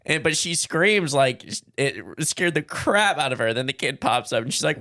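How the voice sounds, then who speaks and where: A man co-hosting a casual podcast, easygoing, chuckling and trading quick agreeing replies. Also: medium pitch, bright, forceful tone, dry recording, studio quality. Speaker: podcast co-host. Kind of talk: casual chat.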